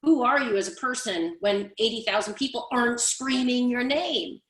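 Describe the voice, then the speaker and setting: Energetic woman coach, echoey sound. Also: a little high, normal speed. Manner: energetic, emphatic, repetitive build-ups. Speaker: guest speaker, leadership coach. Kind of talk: conference panel talk.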